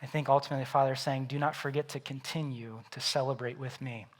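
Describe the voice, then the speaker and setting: A man preaching a sermon as pastor, animated and acting out the Bible characters in quoted voices. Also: mid-range voice, fast talker.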